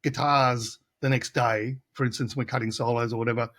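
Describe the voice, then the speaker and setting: A man's voice: mid-range voice, fairly even intonation, fairly quick, a bit bright. A middle-aged man from Australia, a guitarist telling casual studio anecdotes in an interview, acting out the voices of people he quotes. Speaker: guest guitarist.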